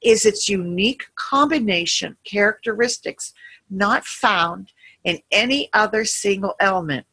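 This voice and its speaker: A woman's voice: medium pitch, a little slow, pushed and bright, husky, heavily acted, low-quality recording. A woman voicing a cheery, peaceful female mentor in a guided meditation story. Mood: serene.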